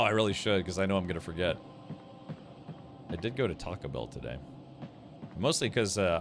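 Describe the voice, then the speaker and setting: A man streaming a video game, chatting casually with viewers and reacting out loud as he plays. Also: low voice, noisy background. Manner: casual, rambling, reacts aloud while playing. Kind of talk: gaming livestream commentary, chatting with viewers. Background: game music.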